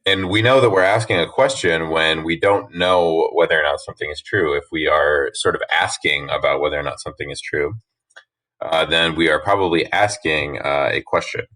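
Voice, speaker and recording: A man with a very low voice talks through slides as a teacher. He reads each rule and example aloud slowly and patiently, then explains it in plain words, pausing often on "uh". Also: bright, forceful tone. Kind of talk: slide lesson narration.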